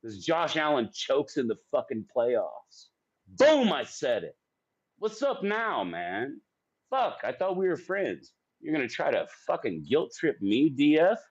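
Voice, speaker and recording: A man's voice: a little high, huge pitch swings, unhurried, husky. A man in his forties ranting on a live sports stream, profane and combative as he answers his chat. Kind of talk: heated live-stream rant. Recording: dull lo-fi stream audio.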